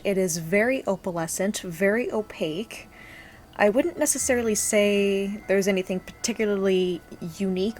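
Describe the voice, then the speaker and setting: A woman reviewing absinthe in a vlog, describing its look and aroma in a measured, descriptive way. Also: mid-range voice. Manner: measured, descriptive tasting commentary.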